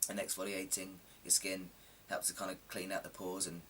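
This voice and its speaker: This vlogger, a man with a lowish, somewhat rough and sore-sounding voice and a sharp tone, chats to his camera at a moderate pace with a completely flat delivery. He wanders along, putting himself down and saying um a lot, while a slightly distant mic catches a faint hiss.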